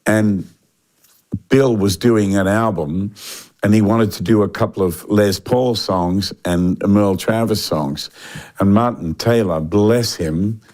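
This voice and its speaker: An older Australian man in a relaxed interview, his voice sitting a little low. He tells long stories with restarts and lively quoted voices. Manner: animated storyteller, acts out quoted voices, frequent restarts. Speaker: guest musician.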